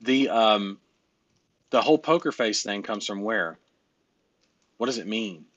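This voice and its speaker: A man's voice: on the low side, measured pace, fairly bright tone, dry recording, highs cut off. A man coaching a client on a casual call, blunt and joking, swearing casually. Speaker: business coach.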